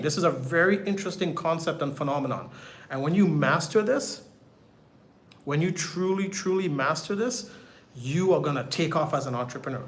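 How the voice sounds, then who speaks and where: A middle-aged man mentoring on business in a motivational talk. His voice sits a little high for a man, and he hammers his points home by repeating them. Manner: emphatic, repeats key phrases for effect.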